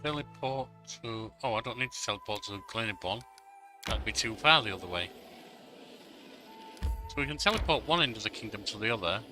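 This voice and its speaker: A man's voice: on the low side, brisk, pauses often, over music. A man hosting a game playthrough, thinking aloud and correcting himself as he plays. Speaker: let's play host. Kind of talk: casual game commentary and reading.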